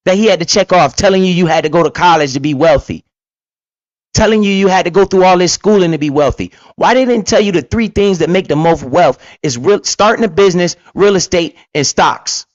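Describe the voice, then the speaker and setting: A man's voice: high-pitched, fairly quick, no room sound. A man giving heated, profane reaction commentary about investing, preaching hard at his listeners. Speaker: finance commentator reacting to a clip. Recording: dull lo-fi recording.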